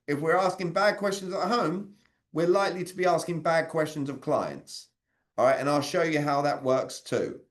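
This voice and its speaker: A man, leading an interactive sales communication training over a video call and quizzing his audience. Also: a little high. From Britain. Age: 40s. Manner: energetic, quizzes the audience with quick questions.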